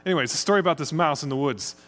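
A man's voice: fairly high pitch, very fast. A middle-aged man from the United States, preaching a conversational sermon as pastor. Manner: conversational, chatty, speeds up when excited.

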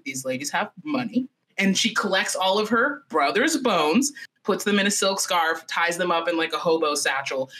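A young adult woman hosting a podcast who tells a dark fairy tale in an animated, profane, chatty way. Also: lowish voice. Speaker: podcast host. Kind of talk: comedic storytelling.

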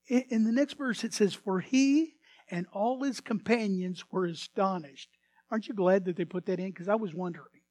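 A man preaching a sermon as pastor, swinging between hushed asides and sudden loud bursts. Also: high voice, dry recording.

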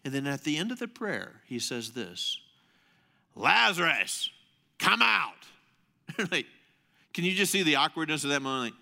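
A male preacher delivers his weekly sermon in an animated storytelling manner. His voice sits high and sounds sharp and very bright. He swings between raised emphasis and quiet, confiding asides. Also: a little fast. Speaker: pastor.

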